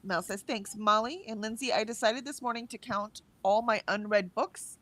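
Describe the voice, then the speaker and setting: A woman co-hosting a livestream, chatting casually and reading viewers' messages aloud with lively lifts in her voice. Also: medium pitch, normal speed. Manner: chatty, reads messages with bright lifts, laughs often. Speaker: livestream co-host reading chat.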